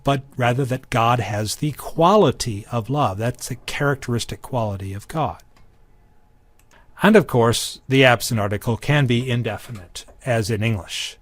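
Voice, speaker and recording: A man's voice: mid-range voice, dry recording. A man teaching a recorded lesson on biblical Greek grammar, with dry humor and frequent ums and restarts. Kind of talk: recorded lecture.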